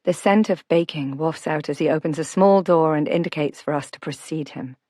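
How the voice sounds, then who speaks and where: A woman narrating a novel in first person, reading in a calm, reflective way. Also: low voice, normal speed, dry recording, studio quality. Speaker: audiobook narrator.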